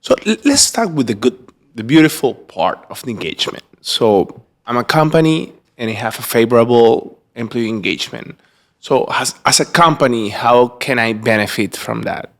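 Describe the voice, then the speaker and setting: A man's voice: mid-range voice, animated, normal speed. Man hosting a bilingual podcast. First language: Spanish. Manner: enthusiastic, repeats and restarts, slips between languages. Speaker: podcast host.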